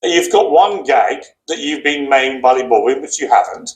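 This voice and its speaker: Stern British TV host, lively voice. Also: male voice, medium pitch, moderate pace, roomy sound. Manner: stern, scolding, pressing for answers. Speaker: TV talk show host. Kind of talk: confrontational interview.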